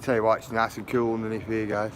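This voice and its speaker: A man's voice: fairly low pitch, completely flat delivery, fast talker, slight background noise. Jokey man walking outdoors. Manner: jokey, chatty, laughs often, talks to viewers. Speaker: livestream vlogger. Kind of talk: chatty walking livestream. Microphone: handheld phone camera.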